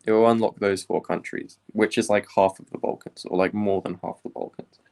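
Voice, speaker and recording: A young man from the UK chatting casually on a study live stream, rambling with many pauses and fillers. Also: on the low side, gravelly. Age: young adult. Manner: relaxed, rambling, many ums.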